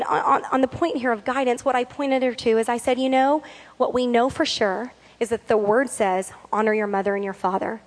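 A woman giving a sermon, earnest, reading scripture slowly and repeating key lines for emphasis. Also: fairly high pitch, steady tone, in a large hall.

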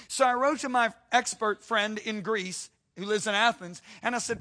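A man's voice: high-pitched, moderate pace, few pauses, pushed and bright. A male pastor preaching a sermon, emphatic, calling out to the congregation and repeating words for stress.

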